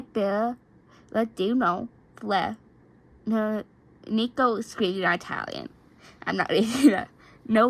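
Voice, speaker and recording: A woman's voice: mid-range voice, poor audio. A woman reading fan fiction aloud in an amateur way, stumbling over words and often restarting and correcting herself.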